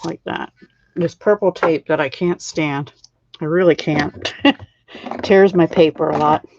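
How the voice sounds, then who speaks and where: Her voice is deep, steady, a little slow and a little mellow as she hosts a card-making live stream in relaxed crafting chat. This middle-aged woman is talkative and self-mocking, frequently laughing at her slips. The recording sounds dull and lo-fi, with slight background noise.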